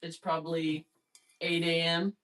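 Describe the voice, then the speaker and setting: Bright-voiced woman chiming in off-mic. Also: on the low side, flat delivery, unhurried, distant mic, poor audio. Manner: laughs often, chimes in with short remarks. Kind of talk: casual chat.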